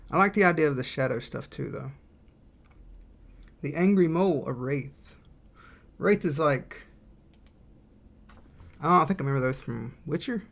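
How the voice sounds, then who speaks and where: Gravelly man thinking aloud on stream. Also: fairly high pitch, lively intonation, normal speed, pauses often, a bit bright. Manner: thinks aloud, rambling, reads chat aloud. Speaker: indie game developer streaming. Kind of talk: casual livestream chat while drawing.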